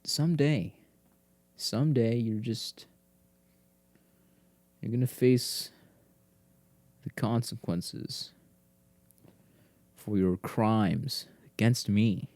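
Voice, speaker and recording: Slow, mellow-voiced man rambling at his dog. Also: mid-range voice, no echo. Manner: rambling, teasing his dog, swearing, drops to whispers. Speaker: podcast host. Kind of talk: solo podcast monologue.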